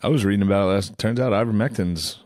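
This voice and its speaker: A man on a casual podcast, rambling in a deadpan, conspiratorial way. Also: fairly low pitch, quick pace, no echo, clean studio sound. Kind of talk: casual comedic podcast chat.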